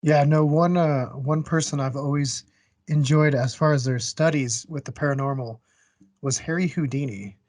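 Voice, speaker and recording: A man hosts a casual interview, talking in an easygoing way with loose, rambling phrasing. His voice sits at a middle pitch, and the recording is dry, with no room sound. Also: fairly even intonation, normal speed, a little mellow, no echo. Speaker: interview host.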